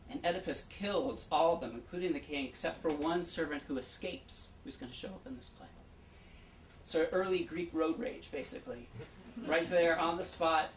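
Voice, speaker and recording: A man gives a casual, chatty pre-show introduction as an actor, retelling the backstory and speaking directly to the audience. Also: fairly high pitch. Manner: chatty, storytelling, addresses the audience. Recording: roomy, distant, faint background hum.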